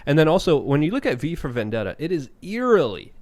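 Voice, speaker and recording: A man's voice: on the high side, sing-song, fast talker, darkish tone. A man on a political talk show, earnestly building his point step by step.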